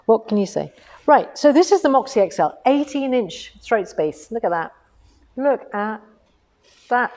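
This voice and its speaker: An enthusiastic woman chats through a livestream demo, full of asides and rhetorical questions. Her voice sits at an ordinary middle pitch. She talks warmly and casually to her viewers. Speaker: co-host of a quilting shop livestream.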